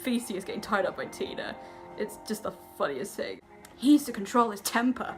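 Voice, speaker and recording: A woman's voice: medium pitch, big pitch swings, fairly quick, faint music behind. A young woman giving a casual film review vlog, gushing and giggly, and rambling with lots of fillers. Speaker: vlogger.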